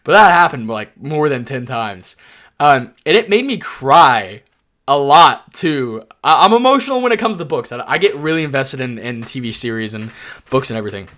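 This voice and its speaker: A young adult man giving casual tier-list commentary, telling rambling, excitable stories padded with lots of "like". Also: mid-range voice, moderate pace. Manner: excitable, rambling storyteller full of "like". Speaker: anime YouTuber.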